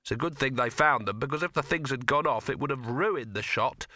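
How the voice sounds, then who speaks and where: Shrewd young nephew type, man doing the voice, knowing and pointed, bright voice. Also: medium pitch, brisk, no room sound, clean studio sound, pitched above the performer's own voice.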